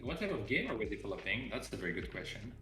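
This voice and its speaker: A man's voice: on the low side, fast, over music. Joking man hosting a stream, roomy sound. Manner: relaxed, joking, reads chat aloud. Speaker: game developer and stream host. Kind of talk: casual chat on a live stream. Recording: roomy echo.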